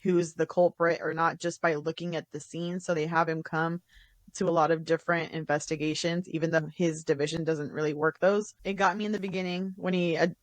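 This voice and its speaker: A woman's voice: deep voice, little pitch movement, fairly quick, no room sound. A woman co-hosting a casual podcast, chatty, laughing often as she retells scenes from shows. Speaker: podcast co-host reviewing TV shows.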